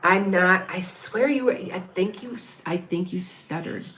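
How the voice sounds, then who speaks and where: Speaking at normal speed in a lowish, darkish voice, a middle-aged woman gives psychic readings to a live stream audience. She wanders and circles back as she thinks aloud, murmuring counts and reading off the names of viewers.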